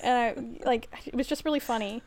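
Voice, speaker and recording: A woman co-hosting a podcast with friends, relaxed and amused, quick to agree. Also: a little high, a little hiss or hum. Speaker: podcast co-host. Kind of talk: casual chat.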